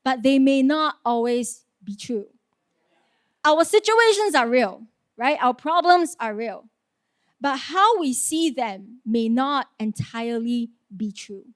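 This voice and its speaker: A woman's voice: sits high, animated, slow, no room sound, studio quality. A woman preaching a sermon in an earnest, conversational way, asking rhetorical questions and laughing lightly.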